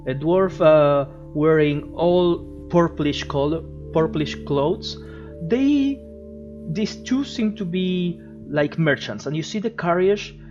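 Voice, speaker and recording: A man running a tabletop game, narrating the scene in a meandering way full of pauses and fillers. His voice sits in the middle range and sounds dull and lo-fi. Music plays clearly behind him. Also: on the high side. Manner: rambling, with frequent fillers. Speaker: game master.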